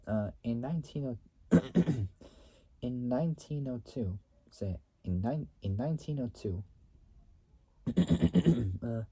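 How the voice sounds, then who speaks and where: A man reading company history aloud in a halting way. He stumbles, repeats and restates phrases, and often clears his throat. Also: mid-range voice, lively intonation, dark tone.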